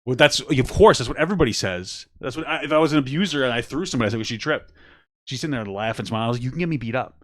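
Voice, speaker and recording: A man's voice: medium pitch, expressive, racing, few pauses, no room sound. A man, co-hosting a casual podcast, full of crude jokes and laughter. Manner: crude joking banter, laughs often. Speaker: podcast co-host. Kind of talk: casual chat.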